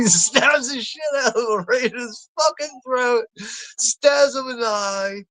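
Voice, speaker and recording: Gravelly, profane man with frequent laughs. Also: on the high side, moderate pace, fairly bright tone. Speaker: watch party host. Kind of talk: casual movie commentary.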